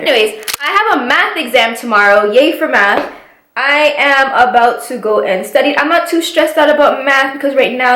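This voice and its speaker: Young woman, vlogger, high voice, dramatic storyteller, roomy echo. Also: fairly bright tone. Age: young adult. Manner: dramatic, fast storytelling with laughs. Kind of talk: casual vlog chat.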